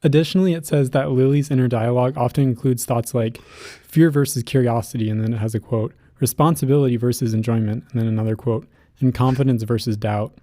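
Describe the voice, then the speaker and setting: A man with a mellow, soft-toned voice co-hosting a podcast. He chats in a laid-back, teasing way and reads notes aloud between jokes. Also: mid-range voice, steady tone, fast, no echo, clean studio sound. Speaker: podcast co-host. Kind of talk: casual chat.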